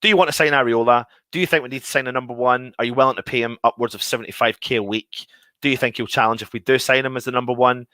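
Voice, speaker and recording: A man co-hosting a casual football chat show, animated and talking over his co-host. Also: medium pitch, rapid-fire, no echo. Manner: animated, storytelling, talks over others. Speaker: podcast co-host.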